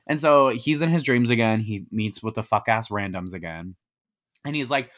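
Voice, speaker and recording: A man in a loose, laid-back recap of a film, heavy on slang and swearing, quoting each character as he goes. His voice sits at an ordinary middle pitch, recorded on a home mic over a call. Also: expressive, normal speed, a bit bright. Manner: slangy, profane, retells scenes in quoted voices. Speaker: podcast co-host. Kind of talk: casual movie recap.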